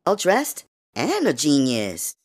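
Man doing a hushed flirty flight attendant. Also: on the high side, huge pitch swings, slow pace, husky, pitched above the performer's own voice, heavily acted. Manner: hushed, teasing.

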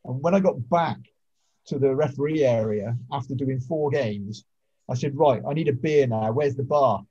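A man's voice: medium pitch, moderate pace, warm tone, slightly rough. A man who referees rugby, telling blunt, sweary stories over a video call. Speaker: rugby referee, podcast regular. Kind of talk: casual storytelling chat. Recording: muffled lo-fi video call audio.

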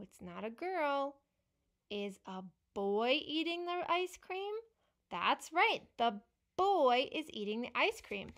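A young woman speech-language pathologist reading a picture book to children, asking questions and praising answers slowly and encouragingly. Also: on the high side, lively intonation, fairly bright tone.

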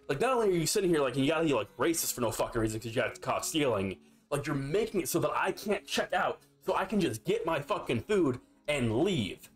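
A man's voice: fairly high pitch, lively intonation, a little fast, faint music behind. A young man streaming a game, telling a story in a rambling, profane, filler-heavy casual way. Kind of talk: casual storytelling while gaming.

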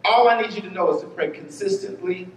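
A man preaching a sermon as pastor, telling a story with quick bursts and drawn-out words. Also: high voice, a little hiss or hum. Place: church sanctuary. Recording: roomy church hall, voice from a distance.

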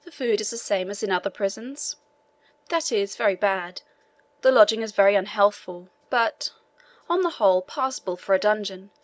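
A woman reads an elderly priest locked in a dungeon, earnest and persistent as he presses a visiting official. His voice sits at an ordinary middle pitch, plainly told in an audiobook style. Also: moderate pace, close to an everyday voice. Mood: pleading. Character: elderly imprisoned male Italian priest, eager, learned.

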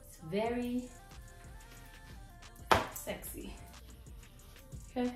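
A woman's voice: medium pitch, slow, pauses often. Woman vlogger, chatty try-on haul, a bit breathless, far from the mic, roomy echo, faint music behind. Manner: chatty and playful, hyping herself up. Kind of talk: casual try-on haul chat.

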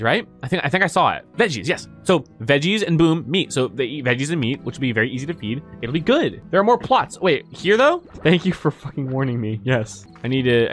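A young man giving excited, swearing commentary over his own gameplay, often breaking into delighted shrieks. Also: mid-range voice. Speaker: gaming streamer.

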